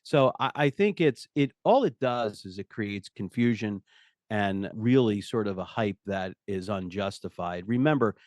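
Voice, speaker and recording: A middle-aged company CEO, speaking as a guest in a conversational podcast interview, tells stories with animation and acts out the people he quotes. His voice sits on the low side at a measured pace, in studio-quality sound with no room noise.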